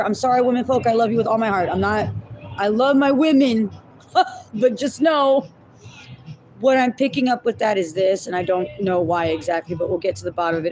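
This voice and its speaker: A woman's voice: fairly high pitch, a little mellow, a little hiss or hum, poor audio. A woman giving a casual tarot reading to her viewers, chatty, thinking aloud and laughing at herself as she goes. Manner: addresses viewers as y'all and my loves. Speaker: tarot reader.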